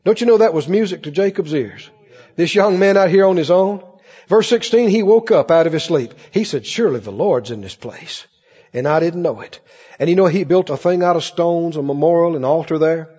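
A man's voice: high voice, brisk, dark tone, long reverb tail, muffled recording. A male pastor preaching a sermon in a church, acting out the voices of Bible figures as he goes.

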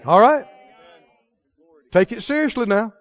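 A man preaching a sermon, chuckling often and swinging from hushed storytelling to loud proclaiming. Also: very high voice, expressive, measured pace, dry recording. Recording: dull lo-fi recording.

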